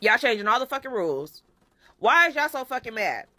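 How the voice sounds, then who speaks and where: Reaction host, casual commentary, blunt, profane, bright tone. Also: mid-range voice, very animated, fairly quick, dry recording. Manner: blunt, profane, exasperated questioning.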